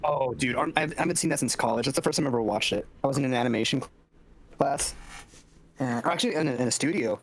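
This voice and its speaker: A man's voice: medium pitch, fast talker. A young man co-hosting a casual movie review podcast, rambling and swearing freely. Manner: rambling, swears often, acts out scenes in funny voices. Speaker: podcast co-host.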